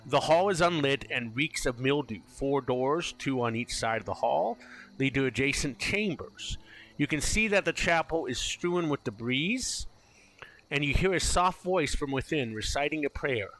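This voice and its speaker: A man narrates a horror campaign as its game master. He describes each scene vividly in a bright, mid-range voice and laughs easily with his players. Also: mid-range voice, lively intonation, moderate pace, a little hiss or hum.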